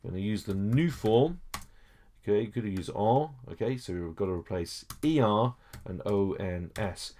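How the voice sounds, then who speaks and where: Low-voiced man teaching step by step. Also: animated, normal speed, mellow, a little hiss or hum. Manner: patient, explains step by step with frequent okays and uhs. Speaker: French teacher. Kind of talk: screen-recorded lesson walkthrough.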